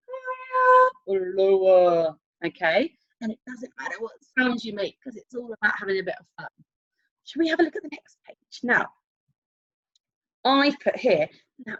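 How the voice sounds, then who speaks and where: A woman teaching an online music lesson to young children, encouraging them with animated, sing-song questions. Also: medium pitch, dry recording, highs cut off. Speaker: primary school teacher.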